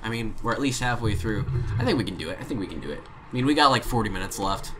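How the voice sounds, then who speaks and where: A man co-hosting a casual let's play, joking and self-mocking, with sudden loud outbursts. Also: lowish voice, expressive, fast, noisy background. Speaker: gaming channel co-host. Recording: game music behind the voice.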